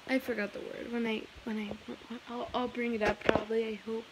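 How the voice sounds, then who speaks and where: A woman's voice: a little high, little pitch movement, brisk. A young woman in her teens chatting casually in a vlog at home, rambling with many fillers and restarts. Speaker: vlogger. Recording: noisy home recording.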